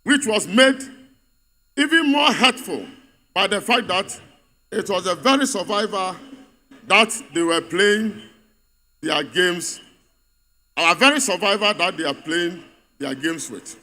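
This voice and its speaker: A man's voice: sits high, lively intonation, slow pace, long pauses, sharp tone. A man giving an emphatic, repetitive political speech at a party congress in a large venue. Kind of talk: rally speech. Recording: reverberant hall.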